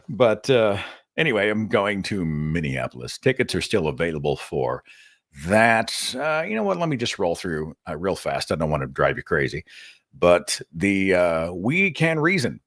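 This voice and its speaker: A man's voice: deep voice, fairly bright tone, no room sound, studio quality. A man with an Oklahoma accent hosting a live call-in show, talking in a chatty, wry way full of rambling asides. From Oklahoma, USA.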